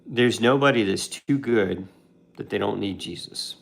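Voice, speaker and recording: A man's voice: lowish voice, measured pace, gravelly. A man casually retelling a Bible story as a devotional host, talking conversationally with fillers and restarts.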